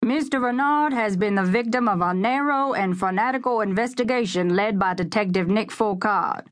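A woman's voice: medium pitch, moderate pace, pitched above the performer's own voice, close to an everyday voice. A woman reading the lines of a smug male defense attorney, speaking combatively to a press crowd in an audiobook. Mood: defiant. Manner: combative, addressing reporters.

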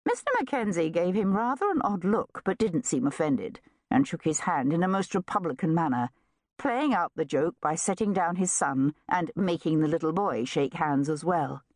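A woman narrating a historical novel in a measured, expressive reading. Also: fairly low pitch, no room sound, studio quality. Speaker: audiobook narrator. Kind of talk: scripted narration.

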